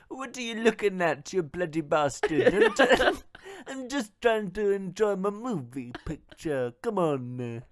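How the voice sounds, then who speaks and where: A man putting on a loud, crude impression of a rude, rambling male movie star. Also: high voice, sing-song, slow pace, few pauses, heavily acted. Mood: indignant.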